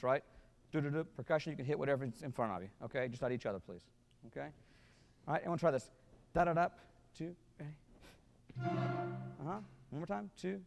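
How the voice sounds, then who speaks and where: Fast-talking gravelly band clinician. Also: male voice, a little high, in a large hall. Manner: sings rhythms with syllables, counts off the band. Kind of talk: rehearsing a wind band.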